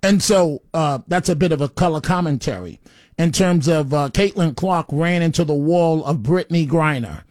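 A man hosts a call-in show from a radio studio, delivering an opinionated talk radio monologue in a blunt, rambling way and often stammering on repeated words. His voice sits on the high side, a little mellow, at normal speed, recorded dry.

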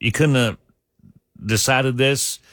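A male radio host telling a funny news story with animated asides to his listeners. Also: medium pitch, slow, dry recording, studio quality. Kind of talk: comedic radio news banter.

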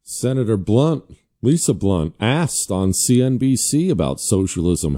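A man's voice: fairly low pitch, very animated, unhurried, warm tone. A man hosting a talk show, giving casual political commentary with sarcastic asides. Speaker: host.

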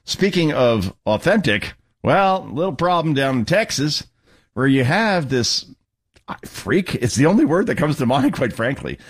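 A man's voice: fairly high pitch, big pitch swings, unhurried, breathy edge. Sarcastic man hosting talk radio. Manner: sarcastic, mocking asides. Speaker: radio talk show host. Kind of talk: political talk radio commentary.

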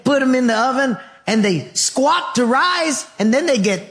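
A man's voice: extremely high pitch, expressive, moderate pace, fairly bright tone, pitched above the performer's own voice, exaggerated voice. A man voicing a folksy rural ranch cook with a rural American drawl, plain-spoken and joking. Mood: amused.

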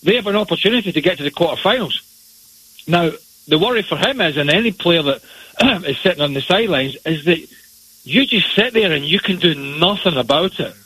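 A man delivers blunt, opinionated soccer analysis in a forceful, bright voice. There is a slight huskiness to it, and the sound is dry and close. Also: on the high side, expressive, fairly quick, breathy edge, dry recording, rough recording. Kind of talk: radio sports analysis.

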